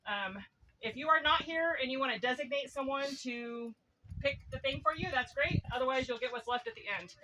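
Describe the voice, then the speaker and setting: A woman event steward giving practical announcements outdoors, pausing often with "um". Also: high-pitched, noisy background. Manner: chatty, full of "um" pauses, practical. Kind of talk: reading announcements.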